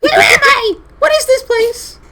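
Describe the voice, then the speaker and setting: A woman voicing a small, excitable male ice mephit in a tabletop game, shouting in a high squeaky voice. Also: a little slow, heavy background noise. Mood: excited shouting.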